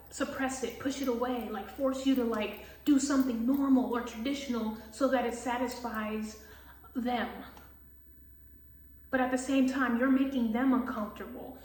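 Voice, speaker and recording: A woman's voice: a little high, darkish tone, reverberant, poor audio. A woman tarot reader ranting casually, profane and scornful, mocking people she disagrees with in quoted voices.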